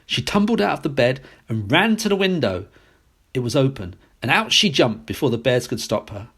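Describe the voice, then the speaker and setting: A man reading a classic fairy tale aloud as a storyteller, expressive and sing-song. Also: mid-range voice, normal speed, breathy edge.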